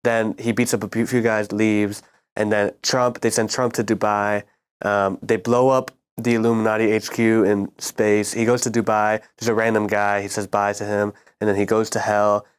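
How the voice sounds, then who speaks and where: Laid-back young man, smooth low voice. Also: level tone, normal speed. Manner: rambling, laid-back summarizing with frequent "like". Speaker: student show panelist. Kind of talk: casual chat.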